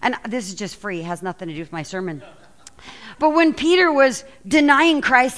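A woman pastor preaching a sermon and reading scripture aloud, telling the story with lively, acted-out quotes. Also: fairly high pitch, normal speed. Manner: animated storytelling, acts out quoted lines.

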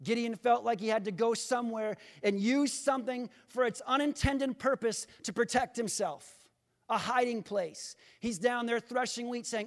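A man preaching a sermon in a high, ringing voice. He talks straight to his congregation and builds to fervent, almost shouted emphasis. The sound carries a long reverb from a large church hall. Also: normal speed. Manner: rising to impassioned, near-shouting emphasis; addresses the congregation directly. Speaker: pastor.

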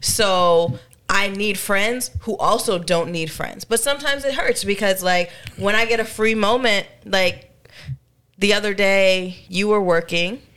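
A woman in her thirties co-hosts a podcast, chatting candidly and leaning on plenty of fillers in this casual conversation. Her mid-range voice moves at a measured pace with a fairly bright tone, and she sounds a little congested.

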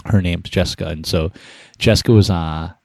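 A man's voice: sits low, moderate pace, creaky, a little mellow, husky, dry recording. A young adult man telling stories with energy in a casual interview, acting out quoted dialogue. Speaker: podcast guest, founder of an inspiration business.

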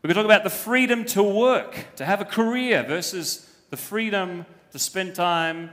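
High-voiced man preaching in a reverberant hall. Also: moderate pace, a bit bright. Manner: emphatic, uses rhetorical questions. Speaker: pastor. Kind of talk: sermon. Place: church.

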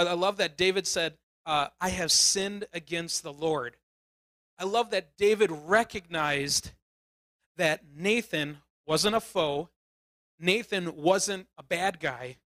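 A man preaching a casual sermon, retelling the story in an animated way with emphatic bursts. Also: sits high, no echo.

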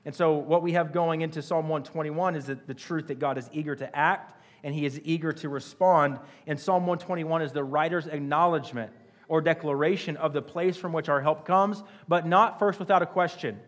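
A man preaching a sermon in an earnest, conversational way, often repeating himself as he finds the words. His voice sits a little high for a man. A long reverb trails every line, as in a large church hall. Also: steady tone, fairly quick. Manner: earnest, repeats and restarts phrases. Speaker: pastor.

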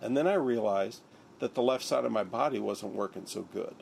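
A man's voice: fairly low pitch, fairly quick, vocal fry, darkish tone, slight background noise. An older man, a surgeon, recounting his story in an interview, acting out the lines of others. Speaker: interviewee, neurosurgeon.

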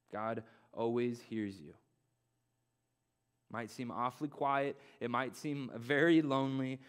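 A young man, a pastor, preaching an earnest sermon, repeating key phrases and dropping in casual slang. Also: medium pitch.

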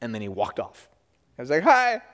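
A man's voice: on the low side, a little fast. A middle-aged man telling a story in a sermon at a church service, acting out the people he quotes. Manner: animated storyteller, acts out quotes. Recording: long reverb of a large hall.

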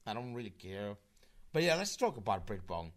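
A man's voice: lowish voice, very animated, normal speed. Rambling, swearing young man. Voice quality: slurry voice. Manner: rambling, restarts, heavy swearing. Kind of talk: casual online group chat.

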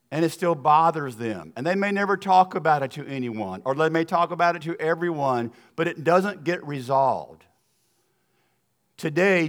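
A middle-aged man from the American South with a Southern accent, giving a sermon as a guest speaker in a church, folksy and earnest, telling stories with asides to the congregation. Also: fairly high pitch. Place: church sanctuary.

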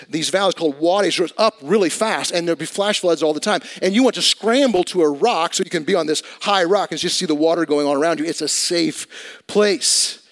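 A man, talking to the congregation like he's chatting with them. He jumps from loud, pleading lines to hushed, low asides. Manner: conversational preaching with dramatic swings in volume and pitch. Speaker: pastor. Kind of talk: sermon.

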